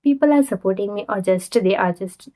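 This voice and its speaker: A woman's voice: medium pitch, brisk, dark tone, rough recording. A young woman with an Indian accent, a Hindi speaker, talking to her phone camera in learner English, earnest and restarting her sentences often. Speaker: vlogger. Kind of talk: casual talk to camera.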